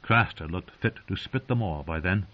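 A man reading an audiobook in a steady, dramatic narration, on a dull lo-fi recording. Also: sits low, moderate pace.

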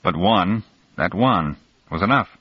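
A man voicing a calm, cunning male schemer who explains things in a measured, sharp way, raised a little above his narrating voice. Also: deep voice, husky, dry recording, full character voice. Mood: coolly explaining. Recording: dull lo-fi dry recording.

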